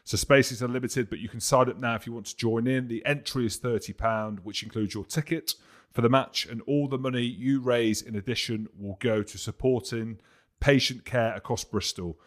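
A man co-hosting a rugby podcast, playful and teasing in casual chat, who also reads out a charity shout-out. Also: mid-range voice, steady tone, normal speed. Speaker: podcast co-host, former player.

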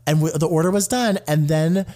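Animated, slightly high-voiced male co-host. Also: a little fast. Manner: animated storyteller, acts out quotes. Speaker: podcast co-host. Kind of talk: casual chat.

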